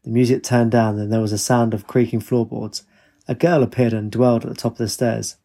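A man reading a story aloud in a steady, even storytelling manner. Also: medium pitch, a little fast, creaky. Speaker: narrator. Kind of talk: storybook narration.

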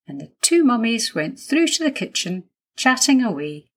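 A woman reading a children's story aloud in a gentle, unhurried manner. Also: a little high, big pitch swings.

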